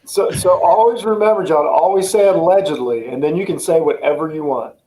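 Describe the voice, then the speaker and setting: A man's voice: a little high, brisk, mellow, rough recording. A man appearing as a guest on a podcast, joking and teasing in casual chat.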